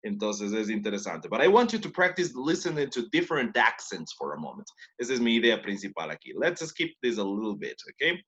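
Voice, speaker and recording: A man teaching an online English class, explaining in English and Spanish with soft, hesitant fillers. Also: lowish voice, big pitch swings, fast, hardly any pauses, dull audio.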